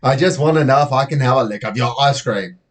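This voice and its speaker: A man's voice: mid-range voice, fast talker, lightly acted. A man voicing a pushy, nosy schoolboy friend in a children's story, reading his lines in a pestering, suspicious way.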